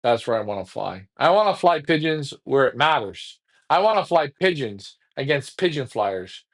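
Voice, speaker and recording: A man's voice: mid-range voice, very animated, moderate pace. Trash-talking man hosting. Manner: taunting, repetitive trash talk. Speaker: pigeon racing show host. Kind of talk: casual livestream talk.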